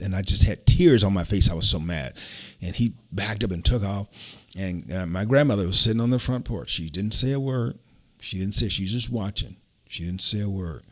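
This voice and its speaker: An older man from the hosts a podcast conversation. His voice sits low, and he talks in an earnest, preacherly way that drops into a hush when he recalls the past. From Alabama, USA. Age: 60s. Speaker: podcast host. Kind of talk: casual storytelling chat.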